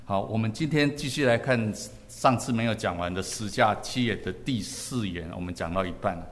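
A man preaching a sermon in short, measured phrases, pausing so his words can be interpreted. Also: on the low side, in a large hall. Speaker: pastor.

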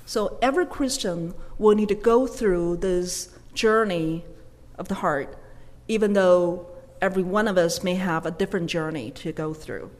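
A woman interpreting a sermon live, quick phrases with fillers and self-corrections. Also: lowish voice, darkish tone, big-room sound.

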